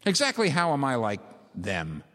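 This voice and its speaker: A preacher putting on a huffy, self-righteous older churchwoman, her complaints ringing out with a long echo. She sounds indignant and exclamatory, full of her own goodness. The voice sits a little higher than a man's usual speaking voice. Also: huge pitch swings, normal speed, a bit bright. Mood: furious. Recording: long hall reverb.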